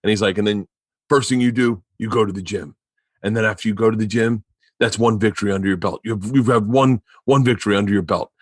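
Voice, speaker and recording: A man's voice: on the low side, steady tone, fast, dry recording, clean studio sound. A man hosting a podcast, telling stories in casual, profane chat and laughing often. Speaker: podcast host.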